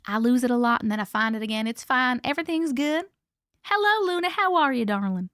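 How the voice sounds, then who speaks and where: A woman's voice: fairly high pitch, expressive, a little fast, fairly bright tone, no room sound, studio quality. A woman hosting a casual live stream, chatting with viewers in a playful way, laughing often and now and then coughing. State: coughing, needs a cough drop. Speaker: livestream host reading viewer stories.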